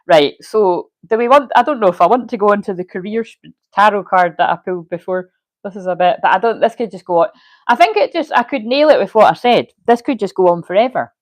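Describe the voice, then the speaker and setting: A woman reads tarot cards on a casual livestream, talking to her viewers in a chatty, unfiltered way with plenty of swearing and laughter. Her voice sits on the low side. The sound is dry, with no room echo. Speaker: tarot reader.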